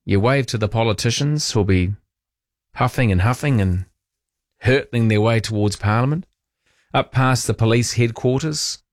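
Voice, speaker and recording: Male NZ talkback host, chatty, self-mocking, mid pitch, close dry mic. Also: no room sound. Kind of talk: casual talkback chat.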